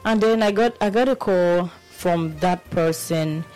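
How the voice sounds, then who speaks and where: A young Nigerian woman co-hosting a radio show, telling stories in animated casual chat with many restarts, her voice a bit off from feeling unwell. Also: on the low side, unhurried, smooth, soft background music, rough recording. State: under the weather, voice affected. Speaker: radio co-host.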